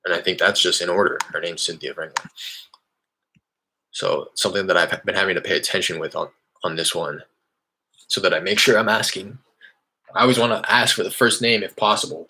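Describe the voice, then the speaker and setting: A man casually explaining real estate cold calls, rambling and candid, with an upbeat questioning pitch on the phone. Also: a little fast, long pauses, sharp tone, slight background noise. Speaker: real estate wholesaler cold calling sellers.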